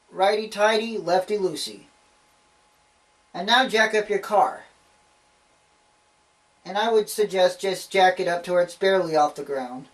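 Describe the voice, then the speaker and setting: A young man with a fairly high voice gives a classroom demonstration speech, calling his listeners folks and joking at his own expense. He is recorded from across the room, so he sounds distant. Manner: folksy, addresses listeners as folks, self-deprecating asides. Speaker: student giving a demonstration speech.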